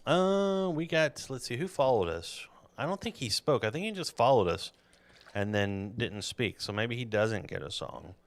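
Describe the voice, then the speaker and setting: A man's voice: medium pitch, expressive, normal speed. A man hosting a podcast in casual, rambling chat, laughing at his own jokes. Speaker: podcast host.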